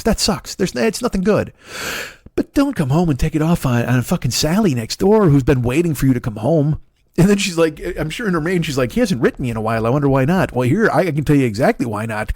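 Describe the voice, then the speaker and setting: A man's voice: on the high side, a little mellow, dry recording, clean studio sound. A man in his forties, a comedian hosting a podcast, delivering a profane, rambling comic monologue with frequent restarts. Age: 40s.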